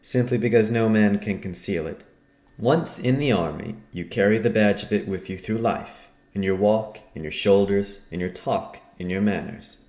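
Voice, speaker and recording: A man voicing a cocky, gruff male thief chief who talks in a blustering, boastful way in an audiobook. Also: lowish voice, normal speed, darkish tone, echoey room, close to an everyday voice.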